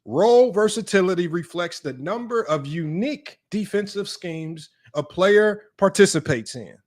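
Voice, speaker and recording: A high-voiced sports debate host reads basketball stats off the screen at a moderate pace, expressive and combative. He keeps breaking off to mock his doubters, swinging between plain reading and sarcastic, needling taunts aimed at viewers.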